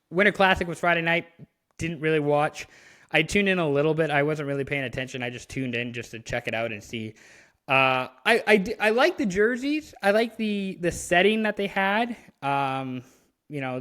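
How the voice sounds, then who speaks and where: A man's voice: mid-range voice, sharp tone. A man from Canada, a podcast co-host, chatting casually about hockey with many fillers and restarts. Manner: rambling, frequent fillers and restarts. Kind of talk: casual sports chat.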